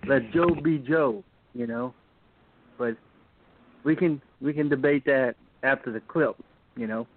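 A man's voice: medium pitch, slight background noise. A man on the call, speaking hesitantly and filling his sentences with stalls and restarts. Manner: hesitant, filler-heavy, slow. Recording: dry phone-like line.

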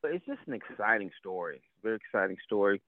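A man co-hosting by phone, his voice thin and tinny as if through a phone line. He talks with lively, swooping pitch and keeps heaping praise on his guest, sounding plainly enthusiastic. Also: quick pace, dry recording. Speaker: co-host. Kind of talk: casual interview chat. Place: small town in the American South.

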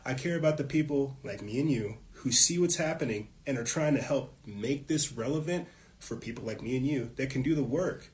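A man's voice: medium pitch, lively intonation, normal speed, a little mellow. A man hosting his own show, delivering an impassioned political monologue, fired up and swearing often. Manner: fired up, profane, preachy. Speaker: show host.

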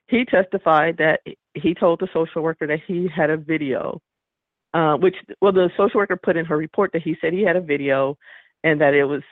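A man's voice: fairly high pitch, a little fast, no echo. A man calling in to a radio show, telling his story emphatically and acting out the dialogue. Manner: indignant, emphatic, acts out quoted dialogue. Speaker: caller. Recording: tinny phone line, dry.

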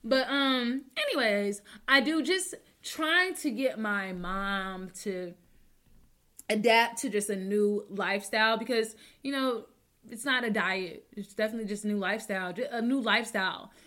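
Chatty bright-voiced woman hosting a talk show. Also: fairly high pitch, moderate pace. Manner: candid and chatty, often asks listeners to agree. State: emotional, after drinking. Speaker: host of a call-in talk show. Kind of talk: casual solo talk show.

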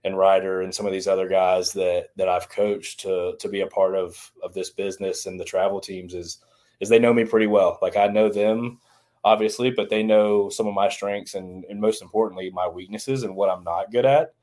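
A man in his thirties answers interview questions in an earnest, reflective way. His voice sits very low. He speaks in an even, level tone. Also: moderate pace. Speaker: baseball trainer and former strength coach. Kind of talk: casual interview talk.

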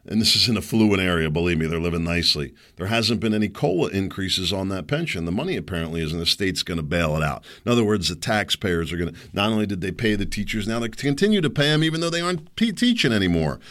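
A man's voice: low voice, lively intonation, fast talker, hardly any pauses, fairly bright tone. A middle-aged man hosting his own show, telling a story in an indignant, heated monologue. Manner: heated, indignant, mocks others in put-on voices. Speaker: show host. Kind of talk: ranting monologue.

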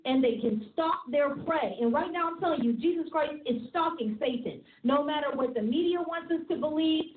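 High-voiced, fired-up woman preacher. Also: moderate pace, slight background noise. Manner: animated, fired-up preaching with frequent laughs. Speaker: host and preacher. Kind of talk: preaching talk show. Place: office studio. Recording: tinny phone-like sound in an echoey room.

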